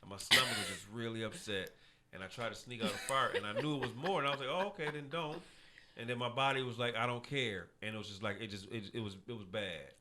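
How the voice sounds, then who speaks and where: A man hosting a live podcast, telling stories loudly and animatedly with lots of swearing. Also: lowish voice, fast. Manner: loud, animated storytelling with profanity. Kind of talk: casual comedic chat. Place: comedy club podcast studio. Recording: live studio with audience noise.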